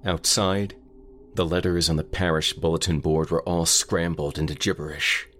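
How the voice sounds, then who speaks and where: A man narrating a scripted horror story in a measured, ominous way. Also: low voice, flat delivery, a bit bright, a little hiss or hum.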